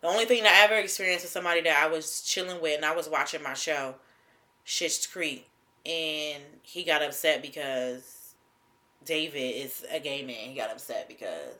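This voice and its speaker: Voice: medium pitch, moderate pace, sharp tone. A podcast co-host in casual chat who keeps chiming in with short reactions.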